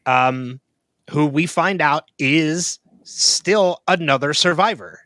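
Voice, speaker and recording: A man's voice: fairly high pitch, takes it slowly, sharp tone, no room sound. A man co-hosting a podcast, chatting casually and thinking aloud with frequent ums and restarts. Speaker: podcast co-host. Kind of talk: casual chat.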